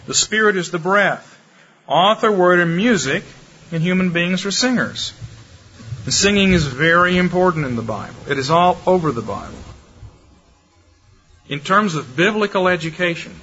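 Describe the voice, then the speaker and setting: A man giving a sermon-style lecture, demonstrative, shifting his pace and loudness to make points. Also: a little high, breathy edge. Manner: demonstrative, lively delivery with varied pace and loudness. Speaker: preacher. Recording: muffled lo-fi recording with faint ambience.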